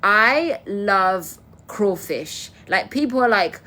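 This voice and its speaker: With a medium-pitched voice that is bright and pushed, a young woman from Kosovo talks slowly and expressively. She's chatting casually on a livestream, replying to comments from viewers as they come in.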